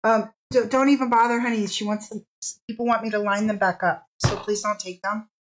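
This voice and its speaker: A woman's voice: medium pitch, steady tone, fairly quick, poor audio. A woman hosting a live-streamed fabric sale, chatting casually, gushing over the fabrics and apologizing often.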